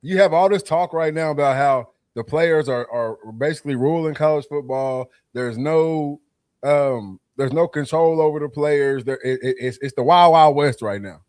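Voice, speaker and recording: A man co-hosts a sports podcast in a laid-back way, stirring up his listeners about giveaways. His voice sits a touch high. The sound is close and dry with no room echo. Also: normal speed, darkish tone. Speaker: podcast co-host. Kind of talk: casual podcast chat.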